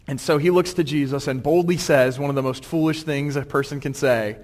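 Humorous, high-voiced preacher in a hall. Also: male voice, brisk, few pauses. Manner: humorous, acts out quotes, animated. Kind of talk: sermon.

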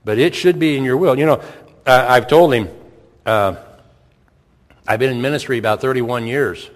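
A middle-aged pastor preaches at a middling pitch, chatty and plainspoken, stacking rhetorical questions and circling back to repeat himself. His voice carries through a church sanctuary with a long hall reverb. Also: normal speed. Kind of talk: sermon.

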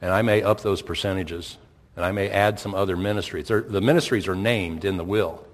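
A middle-aged pastor preaches conversationally in a church sanctuary, firing rhetorical questions and repeating his points. His voice is low-pitched with fairly even intonation and a little fast, set in long hall reverb.

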